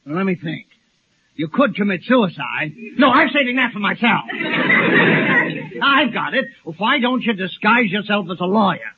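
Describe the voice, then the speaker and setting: Mopey henpecked lodge boss, squeaky high voice, old tinny radio with loud hiss. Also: male voice, sing-song, normal speed, a crowd in the background. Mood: wry. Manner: mournful wisecracking complaints. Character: gloomy henpecked middle-aged lodge president. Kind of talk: 1940s radio sitcom acting.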